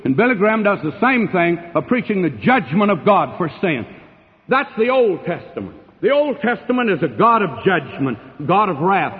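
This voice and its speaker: A man preaches with sweeping emphasis, booming one moment and dropping low the next. His voice sits fairly high for a man. It comes through a thin, phone-like recording with a long reverb trailing off the walls of a big hall. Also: sing-song, normal speed. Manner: emphatic, sweeping swings between loud and hushed. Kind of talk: sermon. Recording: tinny narrow-band sound with long hall reverb.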